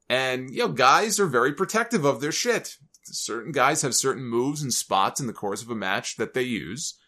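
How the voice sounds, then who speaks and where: A man hosting a podcast tells a story in casual commentary, wandering into joking asides and restarting his sentences. His pitch sits mid-range for a man. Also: sharp tone. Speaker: podcast host.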